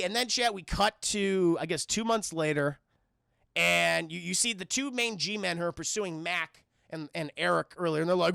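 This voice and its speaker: A high-pitched man with a gravelly edge, bright and forceful, swearing constantly as he recounts a movie to his livestream chat. He jumps into shrill character voices mid-sentence. The sound is close and dry. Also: moderate pace, dry recording. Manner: profane, animated retelling, often addressing chat, acting out characters in high voices. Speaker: streamer reviewing a film.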